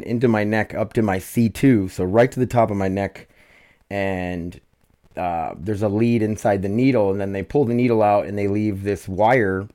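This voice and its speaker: Lowish voiced dude rambling thru his podcast, swears a bit, kinda scattered, in some pain. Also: warm tone. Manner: rambling, self-deprecating, loose with fillers and swearing. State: dealing with nerve pain. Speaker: podcast host. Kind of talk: casual solo podcast talk.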